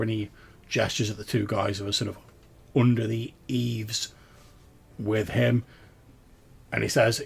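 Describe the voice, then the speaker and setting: A man's voice: fairly low pitch, steady tone, normal speed, vocal fry, long pauses, breathy edge. A man narrating a tabletop game as game master, rambling through descriptions full of fillers.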